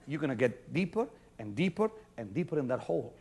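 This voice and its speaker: A male pastor preaching a sermon to a congregation, shouting some lines and dropping to a near hush on others. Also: fairly high pitch, big pitch swings, fairly quick, hardly any pauses, husky. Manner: preaching with sudden shouts and hushed stretches. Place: church before a congregation.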